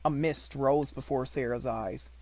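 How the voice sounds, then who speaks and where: A man reading an unabridged audiobook in a measured storytelling manner, slowing on descriptive words. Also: mid-range voice, steady tone, dry recording. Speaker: audiobook reader.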